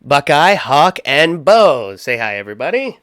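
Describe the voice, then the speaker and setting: A man's voice: a little high, big pitch swings, measured pace, a bit bright, dry recording, clean studio sound. A man acting as game master for an online tabletop role-playing session, loose and chatty, laughing often.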